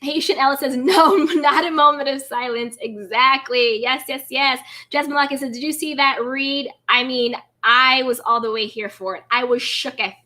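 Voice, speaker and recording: Woman livestream host, high bright voice, gossipy and animated, reads out chat comments. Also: normal speed, hardly any pauses. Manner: gossipy, animated, greets chat viewers by name.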